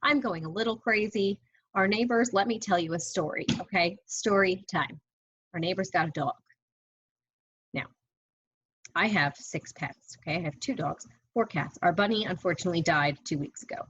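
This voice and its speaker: Chatty woman, slightly husky and dull. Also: on the low side, moderate pace, a bit bright. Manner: chatty, exasperated storytelling with sighs. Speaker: college English instructor. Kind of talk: casual video update to students. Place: home.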